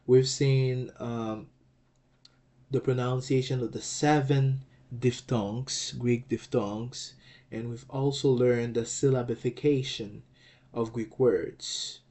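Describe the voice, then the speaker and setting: A male teacher walks through a language lesson at an unhurried pace. His voice is dark and mellow, and he talks in a deliberate way, repeating and rephrasing himself with the odd filler. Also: mid-range voice, steady tone. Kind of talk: slow explanatory lesson.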